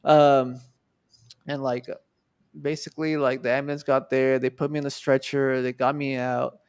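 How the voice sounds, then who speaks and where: With a medium-pitched, level, slightly mellow voice that's clear and resonant, this man speaks at a moderate pace on a studio-quality recording without echo. A guest artist in his twenties from Texas, USA, he tells a personal story casually and loosely, cursing and using many fillers.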